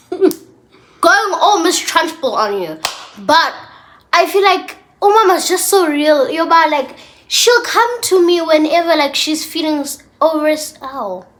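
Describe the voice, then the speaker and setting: A woman's voice: very high-pitched, expressive, slow pace, a bit bright. A teenage girl chatting playfully with her mother, laughing often and using lots of fillers. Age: teens. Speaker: daughter co-host. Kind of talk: casual chat.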